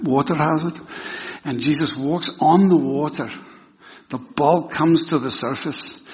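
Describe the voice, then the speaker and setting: A man on a church teaching team, giving a casual, joking sermon with many restarts and throat clearing. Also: a little high. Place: church hall. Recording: echoey hall, dull lo-fi sound.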